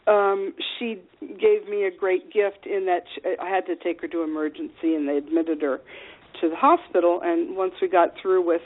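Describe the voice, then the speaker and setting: A woman guest on a radio interview, heard through a thin, phone-like line at a middle pitch. She tells personal stories frankly and with animation, and her speech is full of ums and you-knows. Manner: frank and animated, with many fillers. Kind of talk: candid personal storytelling.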